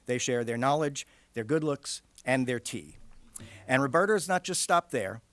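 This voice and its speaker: A man's voice: medium pitch, animated, normal speed, a bit bright, no echo. A man with a mid-range voice presents awards at a studio event. He reads the introductions with jokey asides.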